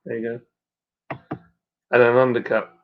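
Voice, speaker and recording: A man with a broad Suffolk accent, hosting a relaxed live stream at home and reading out viewer comments in a rambling, matey way with plenty of fillers. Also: mid-range voice, measured pace. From Suffolk, England. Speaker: stream host and brewer. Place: at home by the fire. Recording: dull lo-fi sound.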